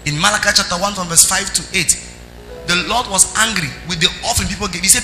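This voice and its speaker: A man preaching a sermon as pastor, emphatic, with sing-song rises and sudden soft drops. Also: high voice, fast talker. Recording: echoey hall with music underneath.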